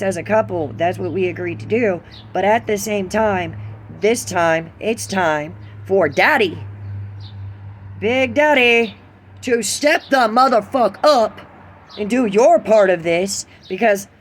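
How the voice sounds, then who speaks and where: A woman's voice: mid-range voice, slight background noise. Ranting, foul-mouthed woman vlogger. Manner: heated, ranting, heavy swearing. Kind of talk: profane venting monologue to camera.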